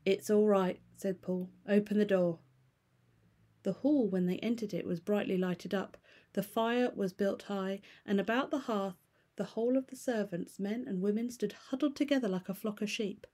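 A woman teacher reading a novel aloud to a class in a steady, measured way with small stumbles. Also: mid-range voice.

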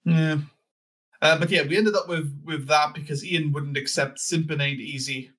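Man, podcast co-host, casual chat, fairly high voice, relaxed joking manner. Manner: easygoing, joking, quick laughs.

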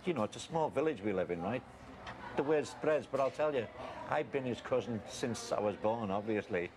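An actor playing a defensive middle-aged farmer with a Liverpool accent who keeps calling people mate. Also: male voice, medium pitch, close to an everyday voice. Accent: Liverpool (Scouse). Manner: blustering, animated, calls people mate. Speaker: farmer, cousin of a lookalike. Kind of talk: film acting. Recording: film audio with background noise.

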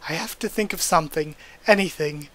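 Man reading a proud male villain, cornered, comic read-aloud, fairly high voice, plain delivery. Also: fairly quick, a bit bright, close to an everyday voice. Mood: defiant. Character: proud, cornered male villain who rules over children.

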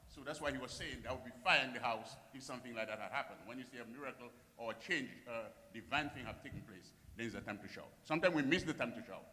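Congregant, male, bright sharp tone, exhorting, church reverb. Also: medium pitch, quick pace, few pauses, slight background noise. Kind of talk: Bible study discussion.

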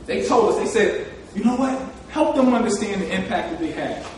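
Brief: high-pitched man from New Jersey, motivational speaker, heard from across an echoey hall. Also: lively intonation, normal speed, a little mellow, distant mic, slight background noise. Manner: emotional, repetitive, storytelling. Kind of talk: live talk to an audience.

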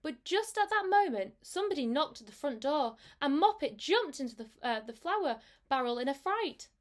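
A woman teacher reading a storybook aloud to her class in a gentle, unhurried way. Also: high voice, sing-song.

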